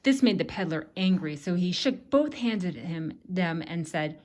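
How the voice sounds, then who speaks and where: A woman reading a picture book aloud to a child as an expressive read-aloud storyteller. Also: fairly low pitch, moderate pace, hardly any pauses.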